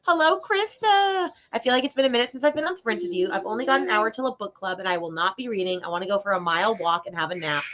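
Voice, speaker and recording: A woman co-hosting a livestream, chatting casually and reading viewer messages aloud, bubbly and giggly. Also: medium pitch. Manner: bubbly, giggly, talks fast and animated. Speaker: livestream co-host.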